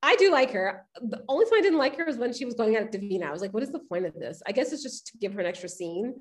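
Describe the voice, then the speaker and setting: A woman co-hosting a podcast in casual chat, animated and acting out the voices of people she quotes. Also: fairly high pitch, very fast. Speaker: podcast co-host.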